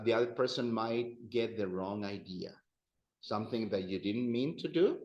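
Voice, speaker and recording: A man teaching an adult-education class, patiently walking students through conjugation drills and praising their answers. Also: mid-range voice. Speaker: Spanish teacher. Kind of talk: adult-education language lesson. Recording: roomy, dull classroom sound.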